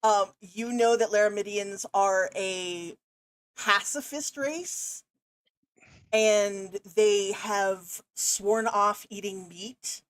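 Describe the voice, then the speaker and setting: A woman running a tabletop game, describing scenes in a measured way with frequent ums. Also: medium pitch, fairly even intonation, clear, resonant tone, no room sound. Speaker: game master.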